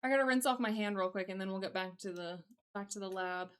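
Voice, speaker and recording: A woman's voice: medium pitch, fast, smooth. A young woman with a Southern American twang, rambling casually to her live-stream chat from a home setup on a desk mic. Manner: rambling, chatty, reads and answers chat aloud. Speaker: livestreamer.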